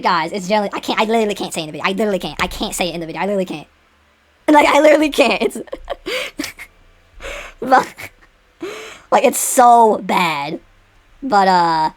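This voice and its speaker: Rambling young woman vlogger. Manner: rambling, with many fillers and restarts; excitable, with sudden jumps in pitch. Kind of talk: unscripted casual chat.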